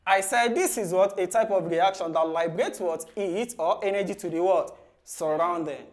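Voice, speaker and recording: A man teaching chemistry for exam preparation. He ends nearly every phrase with "what?" and then answers it himself in a low, soft voice. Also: normal speed. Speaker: chemistry tutor. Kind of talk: exam-prep lesson.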